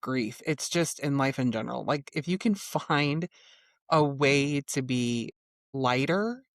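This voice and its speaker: A woman hosting a podcast, talking in a relaxed, reflective casual way. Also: extremely low pitch, slow, no room sound, clean studio sound. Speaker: podcast host.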